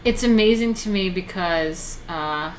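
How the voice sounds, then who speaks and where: A woman's voice: mid-range voice, unhurried, a little hiss or hum. A woman in her thirties chatting casually on a live stream, rambling, swearing and answering chat. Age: 30s.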